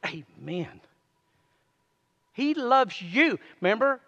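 A man preaching a sermon to a congregation, calling for amens and reading scripture aloud slowly. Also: high voice, lively intonation, gravelly, a bit bright, big-room sound, highs cut off. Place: church sanctuary.

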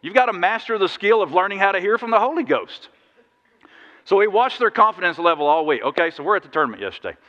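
A man preaching a sermon, telling stories in a lively, animated way with sudden loud bursts. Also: high-pitched, quick pace. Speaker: pastor. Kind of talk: sermon with storytelling. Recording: dull sound in a big reverberant hall.

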